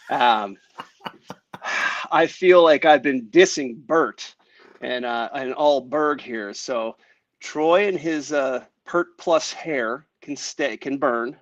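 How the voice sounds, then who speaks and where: A man's voice: mid-range voice, takes it slowly, dry recording, highs cut off. A man who is a guest on a sports talk show, bantering with jokes and passion about football.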